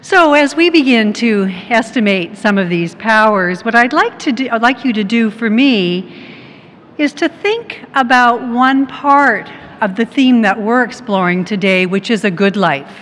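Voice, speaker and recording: A middle-aged woman from Canada gives a conference talk, asking the audience questions and slipping in small anecdotes. Her voice sits a touch high for a woman. It rings through a large hall with a long reverb tail and faint noise underneath. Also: expressive, a little slow, fairly bright tone. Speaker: conference presenter, tech company head. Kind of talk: conference presentation.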